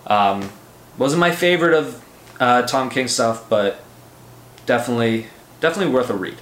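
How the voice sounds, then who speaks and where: A man hosting a casual comic book review podcast, excitable and profane, rambling with lots of fillers. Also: medium pitch, moderate pace, reverberant, slight background noise.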